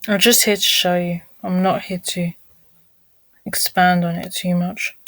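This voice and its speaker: A woman's voice: on the low side, flat delivery, measured pace, fairly bright tone, dry recording, poor audio. A woman vlogging casually, talking through her screen, apologizing often and muttering irritated asides under her breath.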